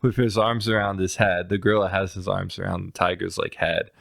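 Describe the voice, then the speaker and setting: A man co-hosting a comedy podcast, retelling a film from memory in casual chat, often laughing and acting out quotes in high silly voices. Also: little pitch movement, brisk, vocal fry, a bit bright, dry recording, clean studio sound. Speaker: podcast co-host.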